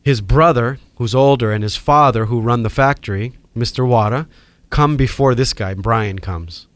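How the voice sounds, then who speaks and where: A middle-aged man, a podcast guest telling a story in casual, animated chat and acting out the people in it. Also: mid-range voice, moderate pace, no echo. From Hawaii. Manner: animated, acts out quoted voices.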